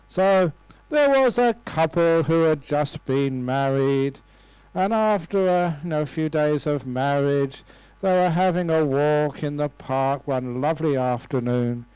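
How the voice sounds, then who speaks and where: A Buddhist monk in his sixties gives a humorous dharma talk in a lecture room, telling stories with playful voices and laughter. His voice is a little high and mellow with lively intonation, and he speaks slowly. The tone is clean and the recording dry, though rough.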